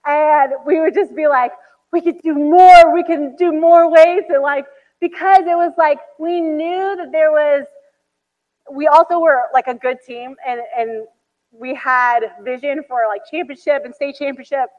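Woman preacher, high voice, chatty storytelling sermon, dull sound, hall reverb. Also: measured pace. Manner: animated storytelling with acted-out quotes, frequent "like".

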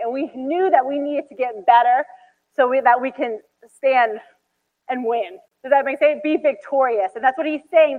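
A woman in her thirties preaching a sermon, telling stories animatedly with acted-out quotes and many "like"s. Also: high voice. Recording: dull hall recording.

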